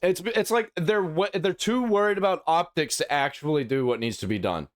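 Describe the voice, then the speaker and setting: Male reaction host, high and swooping, exasperated profane rants. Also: moderate pace, soft background music. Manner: exasperated, profane, animated ranting. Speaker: commentary host reacting to a video. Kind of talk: reaction commentary.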